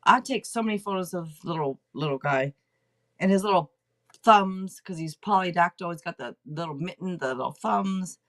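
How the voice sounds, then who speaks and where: A woman's voice: on the low side, lively intonation, moderate pace, fairly bright tone. A woman hosting a casual livestream, chatting loosely and swearing now and then as she reads names off a list. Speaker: podcast host reading tarot for a live chat.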